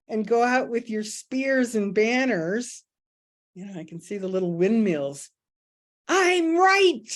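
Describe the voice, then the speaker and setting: A middle-aged woman leading an online spiritual group over a video call, talking in a folksy, expressive way and calling listeners "honey.". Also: medium pitch. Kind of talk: casual spiritual talk.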